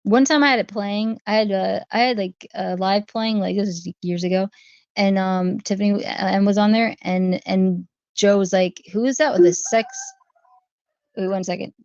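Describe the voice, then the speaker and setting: A woman hosts a casual livestream and answers her chat one comment at a time. Her voice has a gravelly fry under it. The sound is dry and a little dull, like lo-fi stream audio. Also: medium pitch, fairly even intonation, normal speed, a little mellow, dry recording. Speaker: livestream host.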